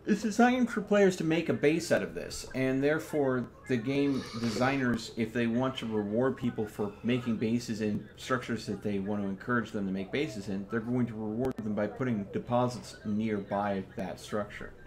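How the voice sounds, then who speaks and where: A man's voice: mid-range voice, moderate pace, hardly any pauses, darkish tone. A man hosting a multiplayer let's play, chatting casually and explaining the game's design at length. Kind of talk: casual gaming chat.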